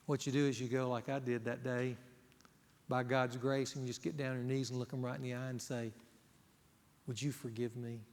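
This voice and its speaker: Preaching pastor in a reverberant hall. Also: male voice, medium pitch, flat delivery, a little fast, darkish tone. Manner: earnest, emphatic preaching with rhetorical questions. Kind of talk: sermon.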